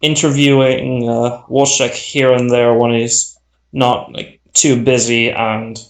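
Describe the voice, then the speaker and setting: A man running a tabletop game, chatting casually between turns with a halting delivery full of fillers and restarts, heard over a voice call. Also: medium pitch, little pitch movement. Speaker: game master. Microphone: voice chat over the internet. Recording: echoey voice-chat audio.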